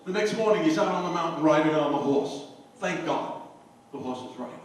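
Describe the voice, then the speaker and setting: An older man telling jokes to a party crowd, a lively storyteller who hollers his punchlines. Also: fairly high pitch, fast talker. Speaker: joke teller at a party. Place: anniversary party. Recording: echoey room, voice from far off, faint noise.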